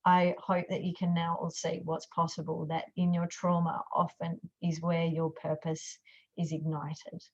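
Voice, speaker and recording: A woman, a coach telling a client's story in an animated way, acting out the quotes. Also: on the low side, moderate pace, hardly any pauses. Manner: animated storyteller, acts out quotes, fillers and restarts. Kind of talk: storytelling talk. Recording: dull lo-fi audio.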